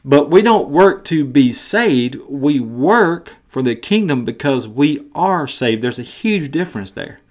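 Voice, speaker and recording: A man's voice: fairly high pitch, expressive, measured pace, hardly any pauses, a little mellow. A man teaching a Bible study podcast in an earnest manner, often restarting his words. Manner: earnest, frequent word restarts.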